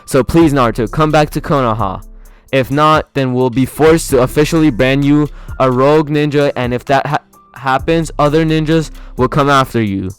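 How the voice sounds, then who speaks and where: A man's voice: mid-range voice, moderate pace, clean tone, faint music behind, lightly acted. A man voicing an older woman village leader who pleads earnestly. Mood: pleading.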